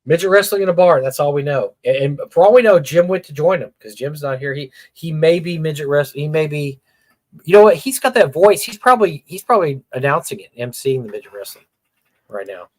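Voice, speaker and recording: A man's voice: a little high, animated, a little fast, dry recording. A middle-aged man co-hosting a casual gaming livestream, blunt and opinionated, often repeating words as he talks. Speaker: podcast co-host.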